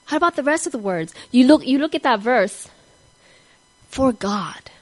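A woman telling a story in a sermon in an earnest way, sometimes dropping to a soft whisper on key words. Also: a little high, animated, normal speed, dry recording, rough recording. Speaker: speaker giving a devotional talk.

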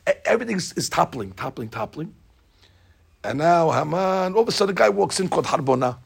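A man giving a lively, jokey storytelling lesson as a religious teacher. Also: on the high side, fairly quick, creaky, husky. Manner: lively, jokey, acts out scenes.

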